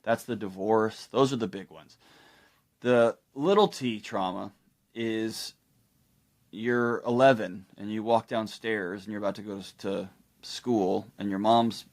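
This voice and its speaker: A middle-aged man explaining ideas as a podcast guest, telling stories in a lively way and acting out the people he quotes. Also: on the low side, unhurried. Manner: animated storytelling, acts out quoted people. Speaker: guest expert. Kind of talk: conversational explanation.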